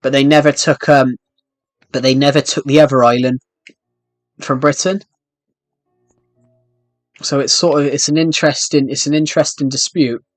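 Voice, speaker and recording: A man chats casually while playing a game, rambling along with many restarts and fillers. His mid-pitched voice sounds dry and close to the mic. Faint music plays underneath. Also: steady tone, a little fast, no room sound. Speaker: gaming channel host. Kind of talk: casual chat over gameplay.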